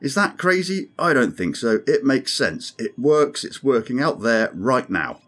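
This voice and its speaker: A man's voice: medium pitch, big pitch swings, unhurried, fairly bright tone, pitched above the performer's own voice. A man voicing a grim, sardonic male alien crewman who speaks dryly and insistently. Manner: dry, insistent, ominous.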